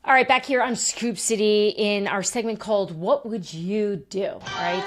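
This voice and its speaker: Podcast host, woman in her thirties, animated and quick to laugh, mid-range voice. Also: mid-range voice. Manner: animated storyteller, laughs often. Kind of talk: casual chat.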